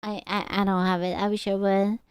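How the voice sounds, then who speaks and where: Brief: streamer woman, crisp and dry, crude teasing banter. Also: medium pitch, level tone, brisk, no echo. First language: Hungarian. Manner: crude, teasing, swears freely. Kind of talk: casual stream chat.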